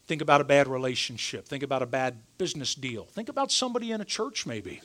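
A man's voice: mid-range voice, big pitch swings, quick pace, fairly bright tone. A man preaching a sermon as pastor, talking in an emphatic and conversational way.

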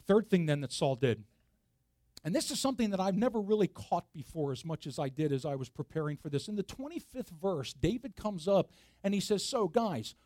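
A man's voice: high voice, big pitch swings, a little fast, darkish tone, dry recording, clean studio sound. A man preaching a sermon, emphatic and full of rhetorical questions to the congregation.

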